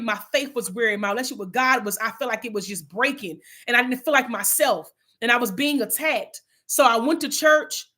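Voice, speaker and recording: Speaking in a high, sharp-toned voice, a woman hosts a casual online Bible study and addresses her listeners directly as "y'all." Her talk is heartfelt and earnest but rambling, full of restarted sentences.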